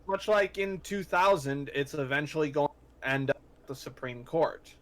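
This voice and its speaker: A man's voice: fairly high pitch, normal speed, fairly bright tone, poor audio. A man co-hosting a livestream podcast, matter-of-fact, correcting the finer details. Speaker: podcast co-host. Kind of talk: casual livestream chat.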